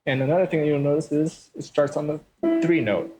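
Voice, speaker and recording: A man's voice: a little high, fairly even intonation, fairly quick, over loud music, poor audio. A man hosting a let's-play, giving casual commentary and explaining his design choices step by step.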